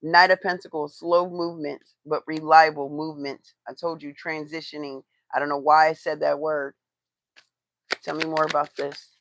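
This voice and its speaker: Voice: mid-range voice, flat delivery, normal speed, a bit bright. A tarot reader doing a live reading, blunt and profane, who swears for emphasis and talks straight to the chat.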